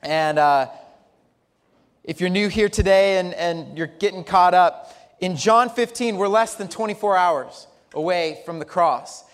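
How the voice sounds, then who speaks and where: High-voiced pastor preaching in a church. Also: male voice, measured pace. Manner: lively, chatty storytelling with humor. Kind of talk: sermon. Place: church sanctuary. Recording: long church reverb.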